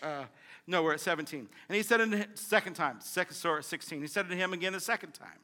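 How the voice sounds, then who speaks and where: A man preaching a sermon as pastor, teaching through a passage with impassioned swings from loud to quiet. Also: sits high, fast talker, big-room sound.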